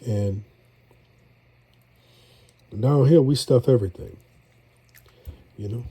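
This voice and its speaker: Congested, dark-voiced man with a New drawl. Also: medium pitch, takes it slowly, breathy edge. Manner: folksy, rambling, chatty with viewers. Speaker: home cook. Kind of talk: casual cooking vlog.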